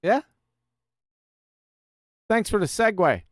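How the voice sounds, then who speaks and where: A man's voice: high voice, animated, takes it slowly, dry recording, studio quality. A man hosting a live stream and presenting slides in a combative, mocking, emphatic manner. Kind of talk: casual live-stream lecture.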